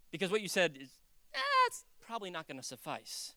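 A preacher giving a casual, animated sermon, jumping into acted quotes and joking with the congregation. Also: mid-range voice, a little fast, no room sound. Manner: animated, acts out quotes, jokes. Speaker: pastor. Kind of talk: conversational sermon.

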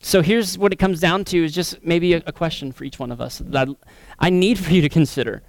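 Man preaching, kinda high voice, earnest, goes loud then soft, dry no-room sound. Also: a little fast, no echo. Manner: earnest, swings between emphatic raised passages and soft hushed ones. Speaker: pastor. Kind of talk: sermon.

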